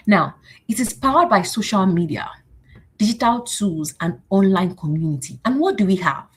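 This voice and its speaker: A woman hosts a motivational livestream talk. Her voice is husky, and she rallies the listeners with repeated phrases and little acted-out exchanges. She sits at a middling pitch for a woman. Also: moderate pace. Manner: animated, repetitive and rallying, acting out exchanges in higher voices. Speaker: host.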